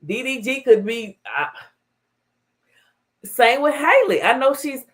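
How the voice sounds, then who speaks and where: A woman's voice: high-pitched, very animated, slow pace. A woman hosting a casual livestream talk show, blunt and sassy.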